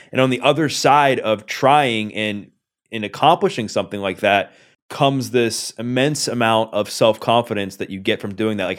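A man hosting a podcast, asking earnest questions with many "like" fillers. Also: lowish voice. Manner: earnest, fills with "like" often. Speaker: podcast host. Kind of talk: casual interview chat.

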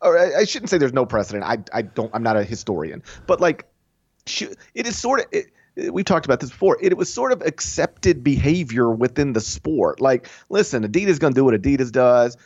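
A man co-hosting a sports podcast in casual chat, opinionated and animated, acting out the voices he quotes. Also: medium pitch, brisk, husky, dry recording, highs cut off. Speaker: college basketball podcast co-host.

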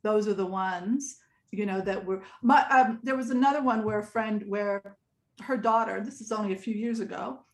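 A woman's voice: medium pitch, normal speed. Chatty older woman in an echoey room. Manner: chatty, rambling, laughs often. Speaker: interview guest. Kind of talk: casual storytelling.

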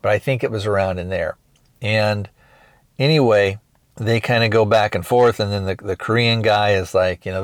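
A man with a fairly low voice talks through a film review on his podcast. He rambles casually, retelling each scene and dropping into quick quoted lines. The sound is dry and close, with no room around it. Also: no room sound. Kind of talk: casual spoken film recap.

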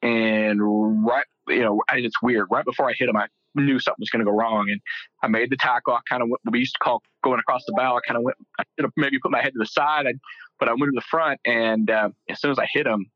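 A man's voice: mid-range voice, steady tone, fast talker, no room sound, lo-fi sound. A middle-aged man from Texas, a guest telling his story casually, rambling with fillers and joking.

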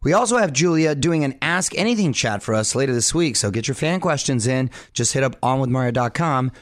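A man in his forties hosting a radio show with brisk, chatty patter on a studio mic. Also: medium pitch, animated, no room sound. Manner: brisk, chatty, quick to laugh.

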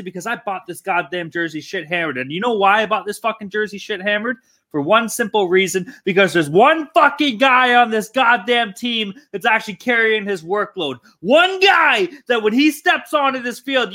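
A man with a high, sharp, bright voice rants through a casual sports betting podcast. He swears constantly and talks in a loose, worked-up way. He sounds tired. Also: expressive, moderate pace. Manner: profane, ranting, heavy swearing. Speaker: podcast co-host.

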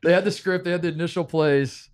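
Man, young adult, fast talker, dry close sound, casual sports podcast host, animated storyteller. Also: fairly high pitch, no room sound. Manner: storytelling, acting out quoted people, laughing often.

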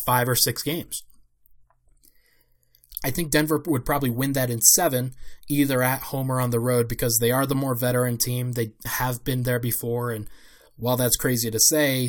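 A young man giving a solo casual basketball analysis as a podcast host, thinking aloud with fillers and restarts. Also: medium pitch.

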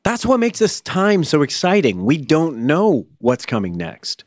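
A man's voice: fairly high pitch, wildly swooping pitch, a little slow, no echo, studio quality. A man co-hosting a casual podcast chat, playful and full of restarts. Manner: chatty, hesitant restarts, playful. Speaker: podcast co-host. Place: podcast studio. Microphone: studio microphone.

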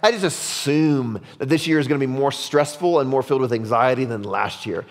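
A male pastor giving a sermon in a conversational style, often asking "right?" and dropping low and soft for emphasis. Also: a little fast, in a large hall.

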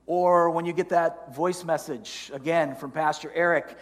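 Middle-aged pastor guy preaching, kinda high voice, big echoey church sound. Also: moderate pace, few pauses. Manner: storytelling, animated, acts out inner voices. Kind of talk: sermon. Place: church sanctuary.

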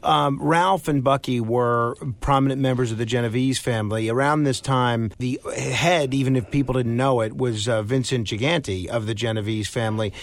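A man's voice: medium pitch, steady tone, normal speed, few pauses. Attentive male podcast host. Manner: attentive, short reactions, hesitant fillers when asking. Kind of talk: interview questions.

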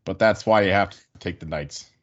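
A man's voice: low voice, a little fast, dull audio. A man giving casual, profane hockey betting picks in a joking, rambling way. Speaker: sports betting panelist. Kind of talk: casual sports betting chat.

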